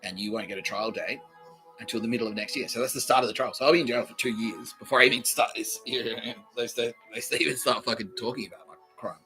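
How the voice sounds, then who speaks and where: A man's voice: medium pitch, quick pace, sharp tone, faint music behind, rough recording. An Australian man hosting a podcast, talking alone in a rambling, profane, repetitive way. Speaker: podcast host. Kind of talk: rambling solo monologue.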